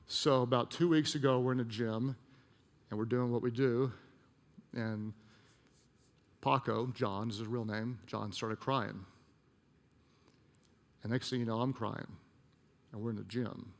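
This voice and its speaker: A male pastor preaching a sermon, telling a personal story and dropping to a hushed voice at emotional moments. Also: medium pitch, fairly even intonation, unhurried, long pauses, in a large hall. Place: church auditorium.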